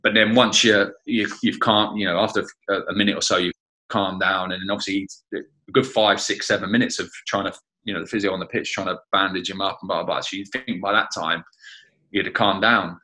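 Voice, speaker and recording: A man with a low voice tells stories about an old teammate in an interview. His tone is bright and forceful, and he talks in a chatty way, peppering lines with "you know" and "like that, like.". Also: fairly even intonation, brisk, poor audio. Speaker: former teammate. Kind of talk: reminiscing interview.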